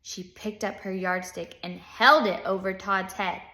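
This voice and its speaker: A woman reading a children's book aloud with expressive, unhurried storytelling. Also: mid-range voice, reverberant. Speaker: audiobook reader.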